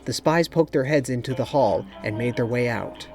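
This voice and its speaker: Steady male audiobook narrator. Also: mid-range voice, normal speed, few pauses, over music. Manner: steady, even storytelling. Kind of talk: scripted narration.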